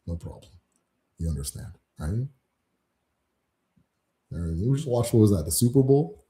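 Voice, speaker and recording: A man's voice: on the low side, very animated, moderate pace, dark tone, a little hiss or hum. A man hosting his own channel, ranting casually and mockingly to camera, swearing and laughing often. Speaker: host of a channel on Igbo spirituality. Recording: roomy echo.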